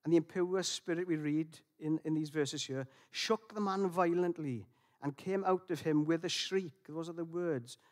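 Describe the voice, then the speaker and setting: A man preaching a sermon in a reflective, gentle way, with frequent restarts and fillers. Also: on the high side, normal speed.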